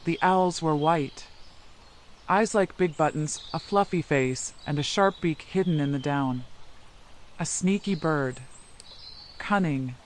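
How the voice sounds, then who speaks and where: A man narrating a children's story in an even, unhurried storytelling manner. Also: a little high, slight background noise.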